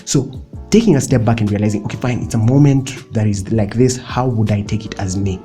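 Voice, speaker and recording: A man's voice: fairly low pitch, a little fast, mellow, soft background music. A young man giving chatty, playful motivational advice in a casual vlog, laughing often and dropping in slang. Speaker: vlogger.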